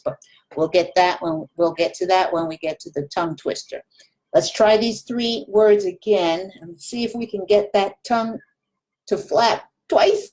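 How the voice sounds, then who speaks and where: A woman's voice: fairly low pitch, a little mellow. A woman Spanish teacher giving a recorded lesson, patiently repeating practice words and demonstrating sounds.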